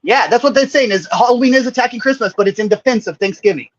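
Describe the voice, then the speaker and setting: A man with a high voice, joining a livestream as a guest on his phone from a basement floor. He talks in an easygoing, hesitant way, and the audio is dull and lo-fi. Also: fast talker. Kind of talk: casual chat on a livestream call.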